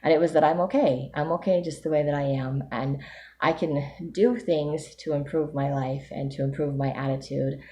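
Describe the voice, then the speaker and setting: Low-pitched lady doing a candid self-reflective video diary, mellow tone. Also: fairly even intonation, normal speed. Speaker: vlogger giving a weekly update. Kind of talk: casual spoken video diary.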